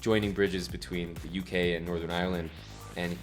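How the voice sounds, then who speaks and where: A low-voiced man hosts a chess stream in a relaxed, joking chat. He trades quick banter and laughs often. Soft music plays behind him. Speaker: stream host.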